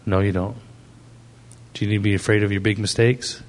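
A man's voice: fairly low pitch, flat delivery, fairly quick. A man preaching a sermon to young people, asking the audience questions and telling stories from his ministry. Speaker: pastor.

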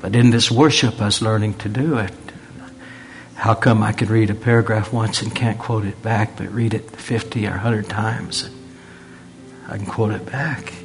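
A man's voice: on the low side, fairly even intonation, moderate pace, soft background music. A man preaching a sermon in an earnest way, repeating phrases for emphasis and dropping in humorous asides.

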